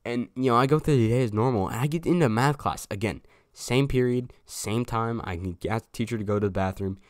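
A man's voice: mid-range voice, a little fast, dry recording, studio quality. A young man telling a casual storytime to his viewers, loose and slangy, swearing freely. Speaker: storyteller vlogger.

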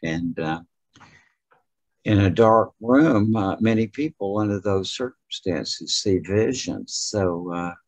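A man speaking as a guest in a casual video-call interview, rambling and hesitant with many pauses and fillers. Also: on the low side, slightly rough, no echo. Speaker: guest author.

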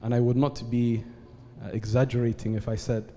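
Male panel guest, earnest and deliberate, dark monotone delivery, live hall reverb. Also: mid-range voice. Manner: measured and earnest, with frequent "uh" pauses and Arabic formulas. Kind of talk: formal talk at a live event. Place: event hall at an Islamic centre.

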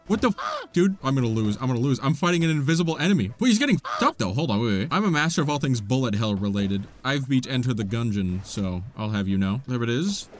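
A man doing casual gameplay commentary, excitable and yelping, cutting off his swearing. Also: mid-range voice, fast talker. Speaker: gaming YouTuber.

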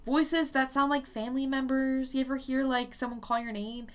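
A woman's voice: high voice, little pitch movement, normal speed. A woman speaking as a psychic medium in a casual vlog, chatty and blunt, swearing freely as she explains things.

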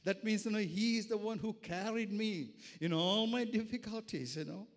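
A male pastor giving an earnest sermon that moves from a quiet personal testimony to fervent preaching, recorded in a church sanctuary. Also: high-pitched, moderate pace, hardly any pauses. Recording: reverberant church hall.

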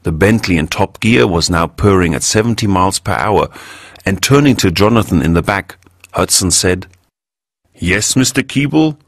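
A man narrating a story in a measured, clear way for English learners. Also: sits low, no room sound.

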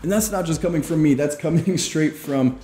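A man's voice: fairly high pitch, fairly quick, warm tone. A man hosting a casual explainer vlog, chatty and informal with joking asides. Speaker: video host. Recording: roomy echo with faint music.

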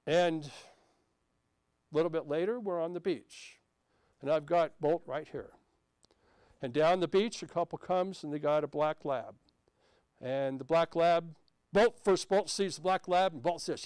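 A pastor shares a personal anecdote mid-sermon in a church sanctuary, talking conversationally and often starting over. He speaks at normal speed in a slightly high, smooth voice with a darkish tone, and there's no echo.

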